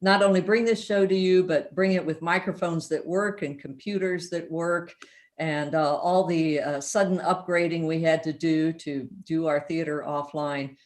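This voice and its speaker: A woman hosting a theater show gives closing thanks and announcements, stopping often on fillers. Her voice sits on the low side. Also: fairly even intonation, darkish tone. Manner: halting, filler-heavy thanks. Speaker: theater host.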